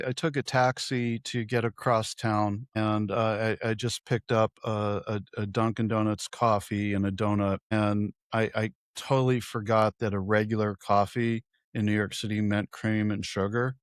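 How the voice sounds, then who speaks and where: A man's voice: on the low side, level tone, moderate pace, few pauses, no room sound. Profane storytelling man, dry close sound. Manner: profane, storytelling with acted-out quotes. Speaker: podcast co-host. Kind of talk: casual political chat.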